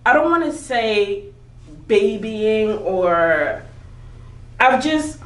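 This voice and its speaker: A woman in her thirties, appearing as an interview guest, candidly recounts a hard personal story and laughs her way through it in emotional testimony. Her voice is on the high side with big pitch swings and a very slow pace. She sounds distant and off-mic in an echoey room.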